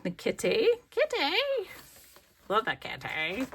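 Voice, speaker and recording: A craft vlogger with a slightly low, sharp voice chats unhurriedly as she flips through her pages in front of a desk camera. She rambles casually and gushes over her favorites.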